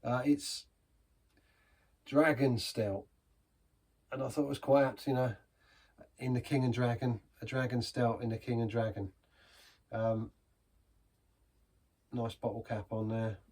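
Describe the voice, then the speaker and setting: A man's voice: medium pitch, fairly even intonation, measured pace, pauses often, darkish tone. A man giving a casual, rambling beer review in a pub, chatty and self-deprecating.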